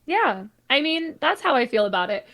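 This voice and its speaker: A woman's voice: high-pitched, big pitch swings, normal speed, vocal fry, fairly bright tone. An Australian woman in her thirties, chatting as a podcast guest in an upbeat, rambling way full of "like" fillers. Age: 30s. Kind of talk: casual chat.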